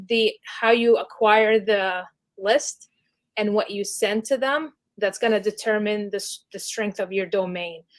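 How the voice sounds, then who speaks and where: A woman guest on a podcast, explaining things in a casual, chatty way full of "like" and "you know". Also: medium pitch. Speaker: podcast guest, email deliverability specialist. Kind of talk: casual interview chat.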